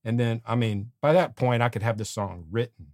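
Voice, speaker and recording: A middle-aged man co-hosting a songwriting show, giving casual advice in an animated way and humming melody bits as he talks. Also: medium pitch, a little fast, no echo. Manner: animated, sings melody fragments, acts out quotes. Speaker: podcast co-host and songwriting teacher.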